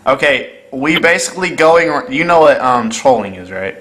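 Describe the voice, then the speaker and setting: A man on a prank call puts on a fake official tone. His voice is bright and forward, and he speaks haltingly, with many fillers. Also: medium pitch, lively intonation. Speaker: prank caller.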